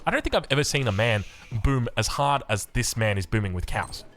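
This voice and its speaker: An Australian man casts a strategy match in a loose, chatty way and drifts into casual asides. His pitch swings up and down as he talks, on a middling voice. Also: animated, fairly quick, fairly bright tone. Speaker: game caster and coach. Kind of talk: casual game commentary.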